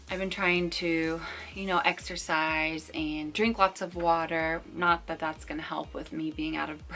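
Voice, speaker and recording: A woman's voice: fairly low pitch, pushed and bright. A woman in her twenties talking casually to camera as a vlogger, chatty and full of fillers and asides.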